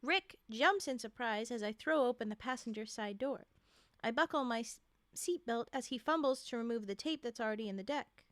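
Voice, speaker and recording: A high-pitched woman reads a story aloud on stream, stopping often to react and argue with the characters in a chatty, animated way. Her voice is bright and high, and the recording sounds dry and close, with no room echo. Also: a little fast. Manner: chatty, reacts loudly and talks back to the characters. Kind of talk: reading a story aloud with live commentary.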